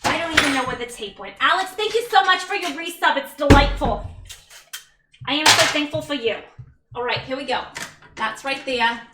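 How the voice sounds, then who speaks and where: A woman's voice: high voice, moderate pace, very noisy. A woman hosting a casual cooking livestream from her home kitchen, chatty and bubbly, reading viewer comments and talking to her toddler. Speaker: cooking stream host and mother.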